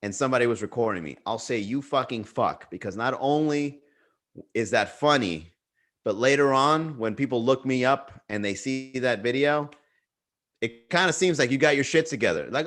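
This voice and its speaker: A man's voice: mid-range voice, animated, normal speed, a bit bright. A young man hosting a comedy livestream, riffing casually to the chat, swearing and laughing at his own jokes. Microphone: webcam livestream.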